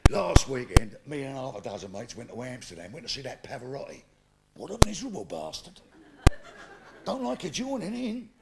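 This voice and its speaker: A man's voice: medium pitch, sing-song, fairly quick, gravelly, heavy background noise. A man doing brash, rude stand-up comedy on stage before a live audience. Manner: brash, rude storytelling with coarse punchlines.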